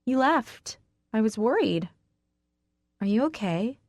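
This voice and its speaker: A woman voicing a caring young woman friend who checks in gently, in a slow audiobook read. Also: on the high side, expressive, no room sound, studio quality, voice pushed up, full character voice. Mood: concerned. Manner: gentle, concerned.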